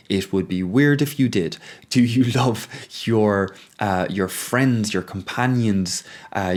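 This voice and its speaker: Brief: male host, lowish voice, reflective solo talk, hesitant and thoughtful, builds to urging. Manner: musing, thinks aloud with frequent ums and restarts. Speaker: podcast host. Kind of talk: reflective monologue.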